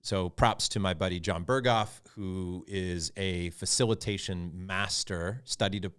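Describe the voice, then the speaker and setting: Middle-aged man, low voice, candid interview guest who tells stories earnestly and reflectively. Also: unhurried, smooth. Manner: earnest and reflective, animated when recounting stories. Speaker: podcast guest, founder of a fathers' group. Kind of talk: candid conversational storytelling.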